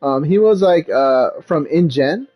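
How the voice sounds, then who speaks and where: A man's voice: fairly high pitch, animated, unhurried, darkish tone. A man talking casually as a dad vlogger, retelling a movie in a rambling way, full of fillers like "like" and "um.".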